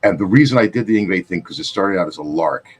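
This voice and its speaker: A man's voice: low-pitched, animated, fast talker, slightly rough. A man in his fifties, a guitarist co-hosting a podcast, telling loose, profane, rambling stories in casual chat. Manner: loose, profane, rambling anecdotes with acted-out quotes.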